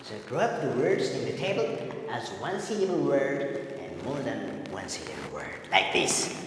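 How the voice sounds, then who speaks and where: A man's voice: medium pitch, very animated, slight background noise. Emphatic male teacher in an echoey room. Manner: emphatic, stretches example words slowly. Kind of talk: classroom lesson to students. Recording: echoey room with long reverb.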